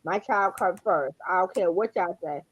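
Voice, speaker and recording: A woman chatting casually on a live stream, telling animated stories, acting out quotes and laughing often. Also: fairly low pitch, normal speed, slightly rough, rough recording. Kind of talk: casual chat.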